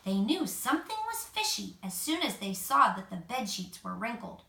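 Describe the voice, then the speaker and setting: A mother reading a picture book aloud to her child at home, expressive, with gentle asides. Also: mid-range voice, moderate pace, gravelly, few pauses. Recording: echoey room, mic at a distance.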